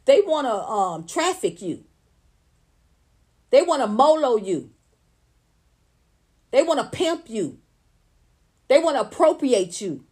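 A woman's voice: high voice, sing-song, slow, pauses often, a little mellow, slightly rough. A woman commentator on a livestream, ranting in a blunt, profane, emphatic way and talking straight to her viewers and chat. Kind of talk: unscripted livestream rant.

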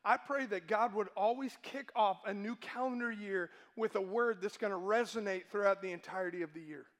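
A man's voice: sits high, fairly quick. A male pastor preaching a sermon to his congregation, emphatic and asking them questions.

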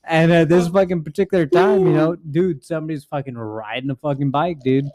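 With a warm, slightly high voice and a somewhat fast delivery, a young podcast host chats casually through a rambling story full of profanity. He laughs often as he goes.

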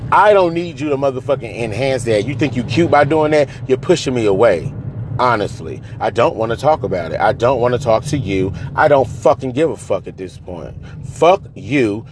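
A man in an angry, profane rant, swinging between raised outbursts and low, bitter muttering. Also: a little mellow, slight background noise.

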